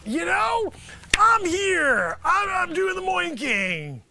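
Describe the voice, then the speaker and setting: A man hosting his own show, rambling through a sarcastic, excitable comic sales pitch. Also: slow, over music. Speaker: host. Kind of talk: comedic improvised pitch.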